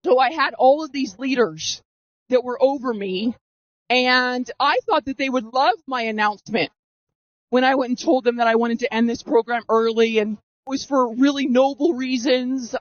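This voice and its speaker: High-voiced woman telling a story through a voice mask. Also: normal speed. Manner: earnest, dramatic, re-enacting her own past reactions. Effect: voice masking filter. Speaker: storyteller giving personal testimony. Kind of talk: first-person storytelling. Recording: dull, dry, masked voice recording.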